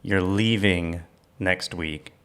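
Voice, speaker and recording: A man's voice: deep voice, slow, fairly bright tone, clean tone. A man hosting a casual podcast chat, loose and joking as he rambles along. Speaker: podcast host.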